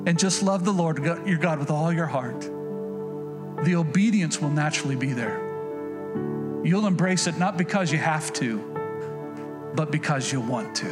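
A middle-aged male pastor delivering a sermon in a folksy, conversational way, repeating phrases and acting out little quotes. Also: high voice. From Oklahoma. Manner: folksy, conversational preaching with repetitions and acted-out quotes.

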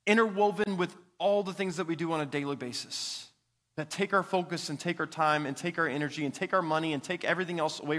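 Earnest young pastor in a reverberant hall. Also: male voice, high-pitched, a bit bright. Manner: earnest, storytelling with a child's anecdote. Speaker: student pastor. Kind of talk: sermon.

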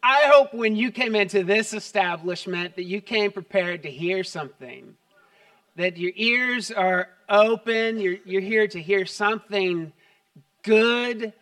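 A man's voice: high-pitched, a little slow, a bit bright, recorded from a distance. A man preaching a sermon to his church, upbeat and conversational, mixing jokes with scripture. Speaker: pastor. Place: church sanctuary.

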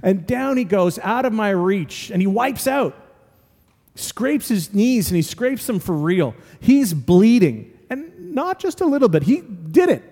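With a high, dark-toned voice that has a sing-song lilt, a male pastor preaches unhurriedly, telling stories earnestly and driving points home through repetition. A large hall's long reverb fills the recording.

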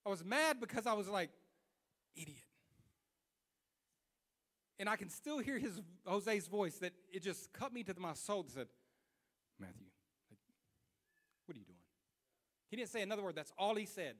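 A young adult man preaches a sermon built around a personal story, swinging animatedly between hushed self-scolding and loud retelling. His voice is high and quick. A long reverb tail trails his words.

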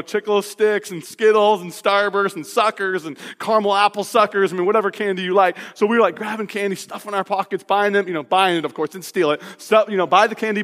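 A male pastor preaching a sermon, telling a personal story in an animated, laughing, casual way before moving into scripture. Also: high-pitched. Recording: long reverb of a large hall.

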